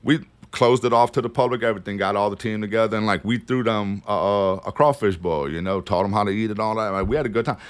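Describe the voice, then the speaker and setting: A man telling loose, profane stories as a guest. He talks in a rambling, animated way, full of asides and restarts. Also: lowish voice, fast, hardly any pauses, clear, resonant tone, no echo. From New Orleans. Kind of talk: casual storytelling.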